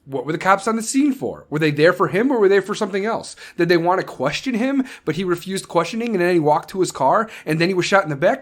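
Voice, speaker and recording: A man's voice: high voice, expressive, fast talker, few pauses. A man who is an American combat veteran, hosting a solo podcast and ranting with heavy profanity. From United States. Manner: mocking voices when quoting others. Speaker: podcast host.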